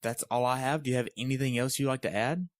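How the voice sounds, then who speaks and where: A man's voice: mid-range voice, quick pace. A male podcast host with a mid-range voice keeps his replies short and friendly. The sound is dry, with little room echo. He speaks as a coach talking to athletes. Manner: friendly, brief replies, upbeat outro. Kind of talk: interview host and podcast outro.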